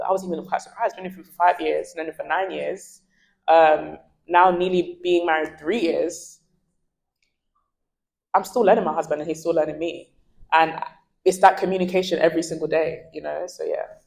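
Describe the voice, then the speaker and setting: A woman's voice: on the low side, creaky, rough recording. A woman in her twenties, a guest in a candid interview, telling stories with energy and acting out what people said. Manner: animated storyteller, acts out quoted dialogue.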